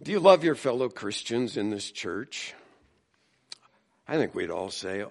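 A man pastor preaching a sermon in a church, talking in a relaxed, conversational way and mimicking the people in his stories. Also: lowish voice, vocal fry. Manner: slow, conversational preaching with mimicked voices in anecdotes. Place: church sanctuary.

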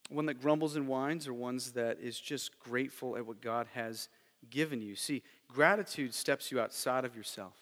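A bright, forceful male pastor with a high voice delivers a casual, animated sermon, tossing rhetorical questions at his congregation. His voice rings with a long reverb from a large church hall. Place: church sanctuary.

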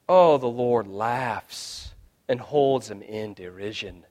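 Dramatic male preacher, hushed to shouting. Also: medium pitch, sing-song, slow. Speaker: pastor. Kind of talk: sermon.

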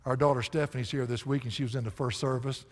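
A man, preaching a sermon as a pastor in a folksy storytelling manner with loud bursts of emphasis and frequent laughter. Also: mid-range voice, steady tone, quick pace. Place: church sanctuary. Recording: echoey church hall reverb.

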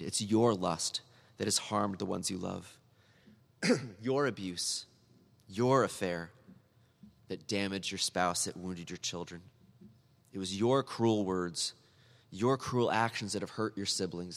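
Male pastor, low voice, earnest sermon with emphatic repetitions, recorded in a reverberant church hall. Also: creaky. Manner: earnest, building to emphatic repeated appeals.

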